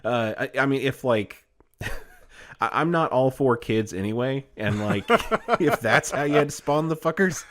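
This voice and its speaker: A man's voice: mid-range voice, normal speed. A man co-hosting a comedy podcast, chatting casually with lots of fillers, restarts and frequent laughter. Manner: laughs often, rambling with many fillers. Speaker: podcast co-host.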